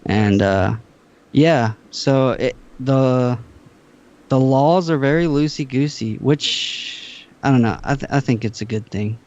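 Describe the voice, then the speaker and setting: A young man from Georgia chats casually on a podcast, acting out both sides of each exchange in his stories. His voice sits at an ordinary pitch. The audio is dull and lo-fi, like a remote call. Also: takes it slowly. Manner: animated storytelling, acting out both sides of dialogue. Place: home, California.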